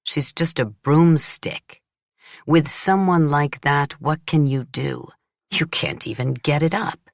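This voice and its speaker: A woman's voice: deep voice, slow pace, creaky, dry recording, clean studio sound, exaggerated voice. A woman voicing a crude, menacing male boss. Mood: contemptuous. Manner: boastful, contemptuous, menacing. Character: arrogant crude middle-aged male businessman boss. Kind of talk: audiobook character voice.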